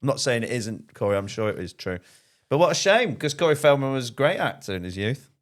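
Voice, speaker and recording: A man's voice: mid-range voice, very animated, fairly quick. A comedian guest on a casual podcast chat, telling rambling anecdotes with restarts and dry asides, laughing at his own jokes.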